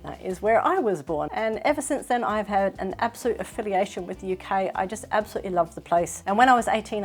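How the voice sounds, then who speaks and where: A middle-aged woman from Australia with a slightly British-tinged Australian accent, chatting casually to camera as a sewing vlogger, self-deprecating and quick to laugh. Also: mid-range voice. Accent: Australian with some British influence.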